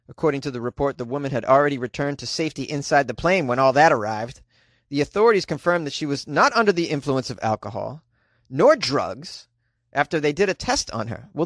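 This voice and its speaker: A man hosting comedic news commentary, sarcastic and animated, laughing often and jumping into a high squeaky voice for quips. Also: no room sound. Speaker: host.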